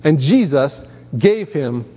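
A man's voice: on the high side, very animated, takes it slowly, mellow, husky. A man preaching a sermon, emphatic, lifting his voice sharply on quoted commands. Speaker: pastor. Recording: long hall reverb.

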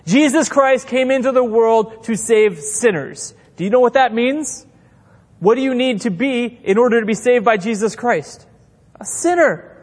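A middle-aged man preaching a sermon as a pastor, impassioned and animated, acting out quotes from the people in his stories. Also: very high voice, in a large hall.

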